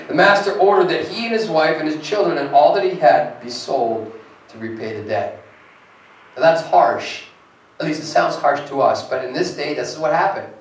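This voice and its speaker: A man's voice: fairly high pitch, slight background noise. A preaching man in an echoey church. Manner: earnest preaching, rising emphatic when reading scripture. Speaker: pastor. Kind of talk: sermon. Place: church sanctuary. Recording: echoey hall from far off.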